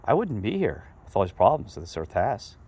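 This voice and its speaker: A middle-aged man telling a rambling, animated story in a casual monologue to his viewers. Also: on the low side, brisk, breathy edge, no room sound. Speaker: vlogger.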